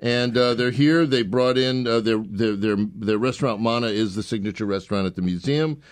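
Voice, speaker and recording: A man's voice: medium pitch, fairly quick, clean tone. A man co-hosting a radio food show, chatting casually, rambling and joking with many fillers and restarts.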